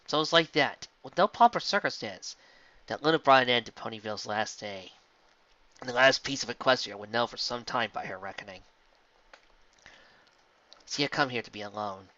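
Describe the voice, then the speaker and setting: Guy reading a story out loud, earnest, bright voice, dry lo-fi sound. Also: mid-range voice, expressive, moderate pace, long pauses, no room sound. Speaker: fan fiction reader. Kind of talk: storybook narration.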